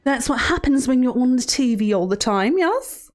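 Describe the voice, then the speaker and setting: A sugary, menacing villain therapist, as a woman streamer puts her on, purring threats at her audience between cheery greetings. The voice sits high and leaps up and down in sing-song swoops, words drawn out with mock sweetness. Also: expressive, moderate pace, darkish tone. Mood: playful teasing. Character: creepy, teasing female villain therapist hosting cruel trials. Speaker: streamer in character. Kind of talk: live-stream character role-play.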